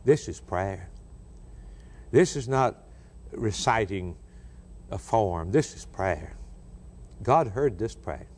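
A middle-aged man preaching a sermon with passion, asking rhetorical questions and repeating phrases, dropping low and then rising into raised cries. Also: expressive, slow pace, pauses often, a little mellow.

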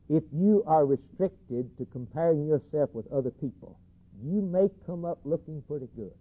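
A male preacher delivering an emphatic sermon, repeating key phrases and swinging between loud declarations and hushed lines. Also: a little high, animated, normal speed, breathy edge. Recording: tinny lo-fi phone-like recording.

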